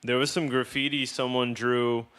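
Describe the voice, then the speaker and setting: A man's voice: mid-range voice, flat delivery, moderate pace, fairly bright tone, clean tone. A man hosting a podcast in casual chat, rambling and wry with a lot of swearing. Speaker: podcast host.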